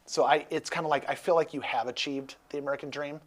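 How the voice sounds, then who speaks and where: A man hosts a relaxed talk interview in a husky voice. He rambles, restarts his sentences and jokes around as he goes. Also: a little high, quick pace. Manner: rambling, jokey, many restarts. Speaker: host. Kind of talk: casual interview chat.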